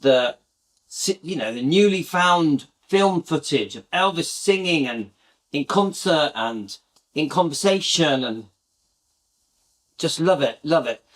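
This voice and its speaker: Chatty, high-voiced British host. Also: male voice, lively intonation, slow pace, a bit bright. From Britain. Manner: chatty, enthusiastic, rambling. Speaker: channel host. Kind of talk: casual chat to viewers.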